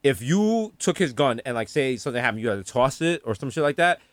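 A man's voice: fast talker, dry recording. A man, a podcast co-host telling casual stories with lots of quoted voices. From New York. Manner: animated, swings into high voices when quoting people. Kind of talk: casual storytelling chat.

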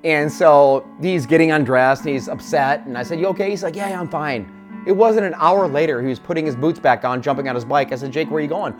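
A man preaching a sermon as pastor, talking through a story and building to impassioned, near-shouted declarations. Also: a little high, fairly quick, faint music behind.

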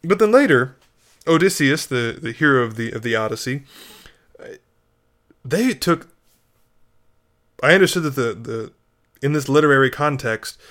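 A man's voice: mid-range voice, fairly bright tone. A man, a Catholic priest, giving a casual spoken reflection and retelling an old story with wry humor.

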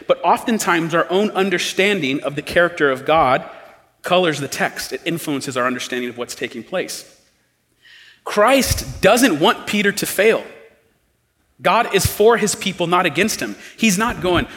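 A man's voice: sits high, lively intonation, normal speed, a bit bright. Conversational man preaching in a hall. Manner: conversational, acts out quoted lines with shifting tone. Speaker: pastor. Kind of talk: sermon.

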